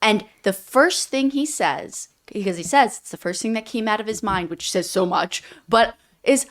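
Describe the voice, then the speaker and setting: A woman's voice: mid-range voice, normal speed. A woman co-hosting a podcast, chiming in with mocking, incredulous asides about a book. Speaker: podcast co-host. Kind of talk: casual book-roast chat.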